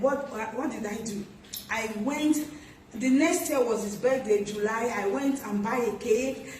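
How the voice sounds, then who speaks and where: This is a woman in her forties with a Nigerian English accent, teaching wives and husbands how to appreciate each other. Her voice sits high, and she speaks earnestly and with animation, laughing often as she tells her stories. The recording comes from an echoey room with the mic some way off and a faint hiss behind her. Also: recorded from a distance. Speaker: marriage speaker. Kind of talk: motivational marriage talk to women.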